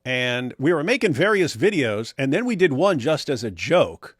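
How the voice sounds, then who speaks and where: A man's voice: medium pitch, big pitch swings, normal speed, breathy edge, dry recording, clean studio sound. A middle-aged man hosting a casual live stream, blunt and sarcastic as he reads viewer comments. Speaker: livestream host.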